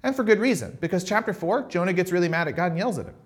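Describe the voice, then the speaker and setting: Animated man preaching a lively sermon. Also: high-pitched, racing. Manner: lively, animated, conversational storytelling with frequent "right?" and "like". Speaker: pastor.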